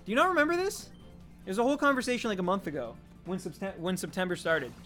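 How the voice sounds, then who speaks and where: A man from Canada with a high-pitched voice hosts a casual livestream. He rambles, jokes and answers his chat as it comes in. Soft background music plays under his desk-mic talk. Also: lively intonation, quick pace. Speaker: streamer.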